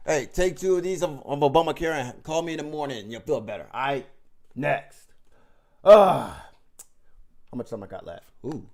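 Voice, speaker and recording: A man's voice: a little high, gravelly, darkish tone. A man ranting about politics in a vlog, emphatic and mocking, swearing heavily and rambling with restarts. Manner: rambling with frequent restarts and fillers. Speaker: vlog host. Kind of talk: profane political rant.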